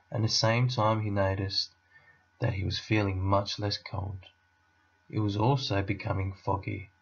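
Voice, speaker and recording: A man, a teacher, reading a children's novel aloud to his class in a steady, unhurried way. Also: on the low side, lo-fi sound.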